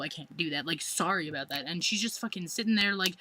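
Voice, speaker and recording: Bright-voiced young man ranting. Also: high voice, fast, hardly any pauses, no room sound. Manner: exasperated, swearing, lots of "like". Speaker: vlogger. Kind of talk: ranting vlog.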